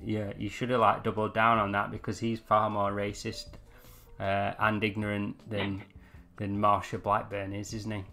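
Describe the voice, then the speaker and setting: A man's voice: lowish voice, monotone, moderate pace, bright, forceful tone, soft background music. A man hosting a casual chat show, running the segment in a jokey way. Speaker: podcast host.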